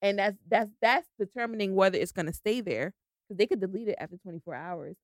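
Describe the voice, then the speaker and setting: A woman's voice: mid-range voice, fast talker, dry recording, clean studio sound. Blunt, swearing woman podcast co-host. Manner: blunt, swears freely, repeats for emphasis. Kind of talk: casual chat.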